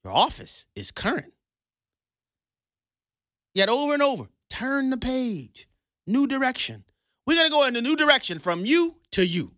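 A man's voice: very high voice, big pitch swings, moderate pace, pauses often, a bit bright, no room sound, clean studio sound. A man hosting a sarcastic political commentary monologue, mocking, laughing often and repeating words for emphasis.

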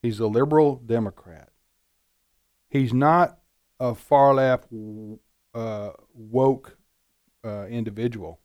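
A man giving political commentary in casual panel talk, halting and repeating words as he starts his points. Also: medium pitch, steady tone, darkish tone.

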